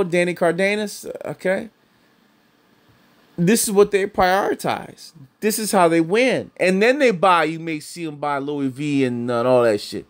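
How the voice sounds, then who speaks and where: A middle-aged man giving blunt, heated, profane commentary, often repeating himself. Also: high-pitched. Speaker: commentator reacting to clips.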